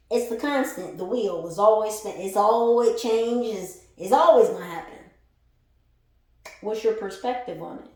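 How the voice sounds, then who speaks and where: A woman with a medium-pitched, slightly mellow voice gives a casual spiritual tarot reading to her followers at a normal speed. She is blunt and profane and often laughs while talking. The recording is echoey, with her far from the mic.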